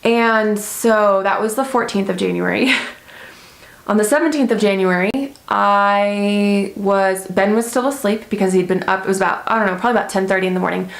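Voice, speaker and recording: A young woman chats through a long personal story for her vlog, rambling and filling pauses with "like" and "um". Her voice sits at a middle pitch. The room around her is roomy and echoey. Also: steady tone, gravelly. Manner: chatty, rambling, lots of "like" and "um". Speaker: vlogger.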